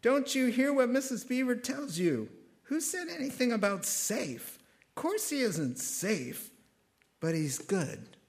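A man's voice: extremely high pitch, big pitch swings, takes it slowly, creaky, pitched above the performer's own voice, exaggerated voice. Stern storybook beaver, read by a man. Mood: insistent. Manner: stern, emphatic storybook reading. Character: stern, insistent male talking beaver.

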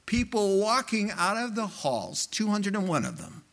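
A pastor preaching a sermon with impassioned, emphatic delivery, climbing into high quoted exclamations. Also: male voice, big pitch swings, moderate pace, hardly any pauses, a bit bright.

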